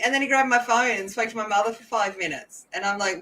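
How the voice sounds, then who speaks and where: A woman's voice: fairly high pitch, steady tone, normal speed, pushed and bright, a little hiss or hum. A woman chatting casually and telling rambling stories while she colors at home. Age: adult. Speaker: coloring channel host.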